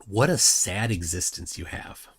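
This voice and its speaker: Animated mocking male livestream host. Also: sits low, measured pace, breathy edge. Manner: mocking, combative, reads chat aloud. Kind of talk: live debate commentary.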